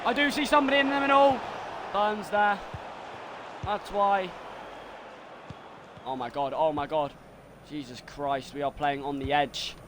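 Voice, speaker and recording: A man streaming a football game, commentating live and swinging between muttering and excited shouting. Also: a little high, measured pace, long pauses, background noise.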